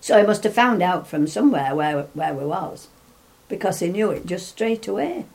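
An older woman, being interviewed, reminisces through a story in a rambling way, often restarting and chuckling as she goes. Her voice is on the low side and darkish in tone, with lively intonation and a moderate pace.

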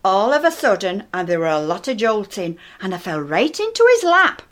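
A woman's voice: medium pitch, very animated, moderate pace, fairly bright tone. A woman performing a comic character monologue as a gossipy elderly woman with a Northern English accent and dry, matter-of-fact humour. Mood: chatty. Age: older. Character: chatty, nosy elderly northern widow-type woman.

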